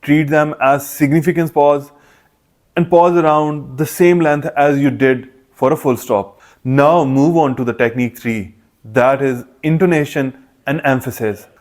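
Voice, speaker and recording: A man's voice: a little high, a little slow, a little mellow. A man teaching exam preparation in a methodical, scripted way, listing points one by one. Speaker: test prep instructor. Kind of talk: scripted instructional explanation.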